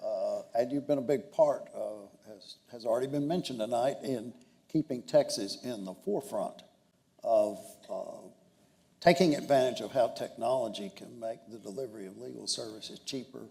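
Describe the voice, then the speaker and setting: A man interviewing a judge on stage at a dinner, asking measured questions with a wry edge. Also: medium pitch, creaky, mellow. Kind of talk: onstage interview at a dinner event. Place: hotel banquet room.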